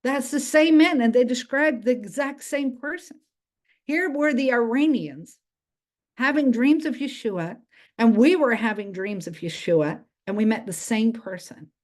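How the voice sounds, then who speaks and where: A woman with as her telling a faith story in English, halting and restarting as she acts out the voices of others. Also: a little high. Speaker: speaker sharing a testimony. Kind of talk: spoken testimony.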